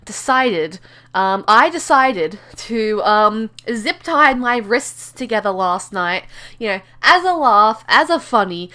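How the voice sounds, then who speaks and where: A woman's voice: medium pitch, expressive, slow, sharp tone. A young woman casually telling a rambling story, heavy on fillers and self-mocking.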